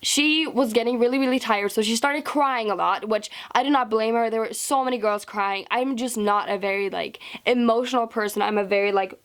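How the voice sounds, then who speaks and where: A woman's voice: on the high side, a little fast, hardly any pauses. Chatty woman telling a story. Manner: casual, chatty, swears a lot. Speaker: vlogger. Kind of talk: storytime vlog.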